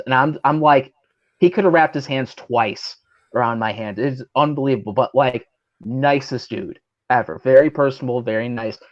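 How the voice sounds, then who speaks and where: A pro wrestler guesting on a talk show tells a rambling, profane story over drinks, full of fillers, acting out the people he quotes. His voice is mid-range and the audio sounds dull.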